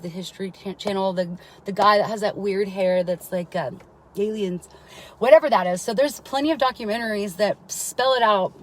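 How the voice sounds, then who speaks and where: Through poor audio, a woman with a medium-pitched voice tells a long, rambling personal story on a live stream. She's a mother who swears frequently and keeps checking in with listeners by asking "right?"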